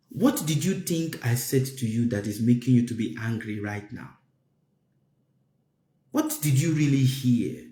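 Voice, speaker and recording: Animated man giving a spiritual talk. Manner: emphatic, repeats phrases, voice climbs high for stress. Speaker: spiritual teacher. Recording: roomy echo.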